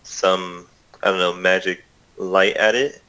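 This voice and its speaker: A man voicing a big, bearded, gruff male sailor who rambles and chuckles while scheming. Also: sits low, flat delivery, slow pace, pushed and bright, full character voice, poor audio.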